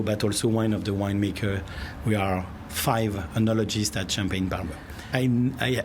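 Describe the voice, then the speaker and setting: A man with a French accent talks through his answer slowly, pausing to find his English words. His voice sits a little low. A clear layer of background noise runs under the recording. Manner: thoughtful, searching for words. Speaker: winemaker and CEO. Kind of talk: interview answer.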